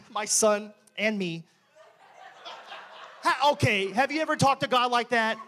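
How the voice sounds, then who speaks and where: High-voiced joking young male preacher. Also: a little hiss or hum. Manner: animated, joking, laughs often. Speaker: church minister. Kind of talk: testimony sermon. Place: church.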